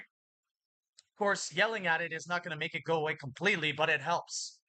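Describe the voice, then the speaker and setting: A woman's voice: fairly low pitch, fairly even intonation, fairly quick, bright, forceful tone. A woman talking in a rambling monologue to her viewers, often speaking of herself in the third person, blunt and profane. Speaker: vlogger.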